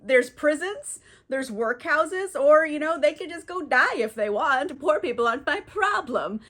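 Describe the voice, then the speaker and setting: A woman's voice: sits high, lively intonation, measured pace, fairly bright tone. A woman voicing a grumpy old miser, in a casual, whiny, exasperated modern paraphrase. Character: miserly grumpy old man, easily rattled.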